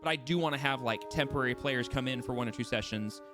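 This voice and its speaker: A young game master talks fast at a medium pitch during casual chatter between tabletop sessions. He's lively, often laughing at himself while he rambles and restarts his sentences. Music plays behind him throughout.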